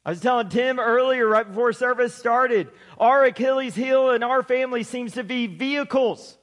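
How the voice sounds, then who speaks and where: High-voiced man preaching a sermon. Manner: preaching with slow emphatic build-ups, then chatty joking asides. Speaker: pastor.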